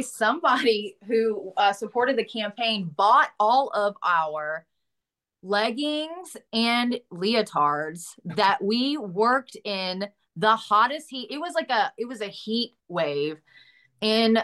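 Bright-voiced chatty Southern woman. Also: medium pitch. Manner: chatty, laughs often, swears casually. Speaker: actress guest. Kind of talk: casual interview chat.

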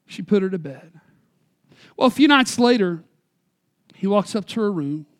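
A preacher telling a story in a sermon, folksy and conversational, swinging from loud emphasis to quiet, slow stresses on key words. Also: medium pitch, lively intonation.

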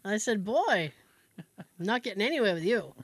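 A woman co-hosting a podcast spins a family story in relaxed chat. Her voice swings widely in pitch, and she slips into quick impressions of her relatives, laughing as she goes. The sound is dry and close, with almost no room in it. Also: no room sound. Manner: animated, acts out family members' voices, laughs often. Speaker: podcast co-host.

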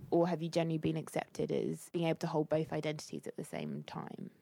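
Deep, gravelly woman asking thoughtful questions. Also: fairly even intonation, fairly quick, hardly any pauses, mellow, no room sound. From Britain. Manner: thoughtful, asks open questions, frequent mm-hmms. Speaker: podcast co-host. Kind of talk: casual discussion.

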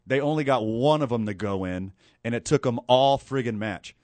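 Excitable man recapping a match. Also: medium pitch, dry recording. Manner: animated, excitable storytelling with quick asides. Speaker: co-host. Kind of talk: casual sports chat.

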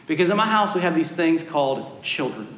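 Man, guest pastor, lively sermon storytelling, fairly high voice, echoey church room. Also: brisk. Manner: animated storytelling with self-deprecating humor.

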